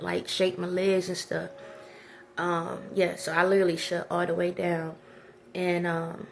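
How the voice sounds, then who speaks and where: A woman's voice: medium pitch, gravelly, a little hiss or hum. A woman talking casually in a personal vlog, rambling and preachy. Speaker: vlogger.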